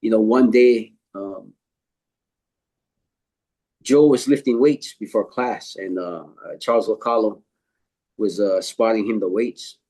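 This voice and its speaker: An older martial arts instructor, interviewed, retells a story haltingly, packing it with fillers and quoted dialogue. His voice is lowish and dark in tone.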